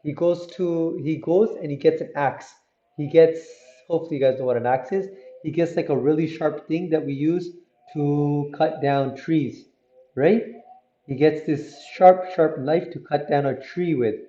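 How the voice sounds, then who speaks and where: A man telling a religious story to children, lively and often asking his listeners questions. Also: a little high, measured pace. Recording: muffled, roomy recording.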